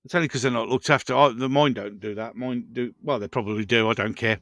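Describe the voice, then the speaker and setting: A man's voice: medium pitch, fairly even intonation, fast, fairly bright tone, no room sound, studio quality. A man hosting a casual live stream, rambling through viewer comments and chatting to his pets.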